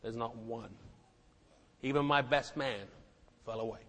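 A man's voice: mid-range voice, a little slow, a bit bright. A middle-aged man preaching a sermon, emphatic and given to repeating words and asking the congregation questions. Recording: echoey hall.

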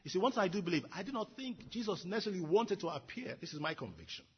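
A man preaches an earnest sermon with a very husky, raspy voice. His pitch swings widely as he drives his points home, repeating phrases for weight. The recording sounds dull and lo-fi. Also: lively intonation, fast. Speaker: pastor.

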